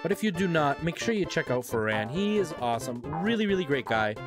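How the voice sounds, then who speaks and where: A streamer from Canada, chatting excitably with viewers during a live gameplay stream. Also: medium pitch, a little fast. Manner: chatty, excitable, greets chat by name. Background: loud game music.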